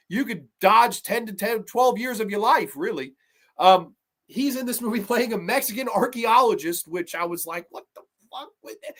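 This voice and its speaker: A man reviewing horror films in a casual, profane and rambling way, often breaking into animated rants. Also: fairly high pitch.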